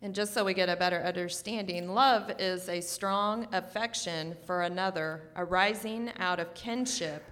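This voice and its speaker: A woman in church reading verses and definitions aloud in a plain, measured way. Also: lowish voice, fairly bright tone, long reverb tail. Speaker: scripture reader.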